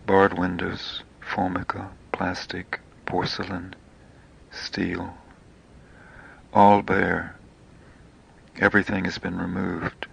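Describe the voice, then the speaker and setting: A man reading his own poetic memoir in slow, hushed, half-whispered phrases. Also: sits low, completely flat delivery, gravelly, husky.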